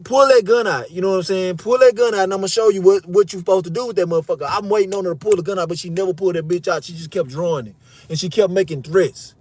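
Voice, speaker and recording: A man's voice: sits high, fairly even intonation, rapid-fire, a little mellow, no room sound. A young man telling a heated, profane story as a vlogger, acting out the people he quotes in raised voices. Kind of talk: animated storytelling rant.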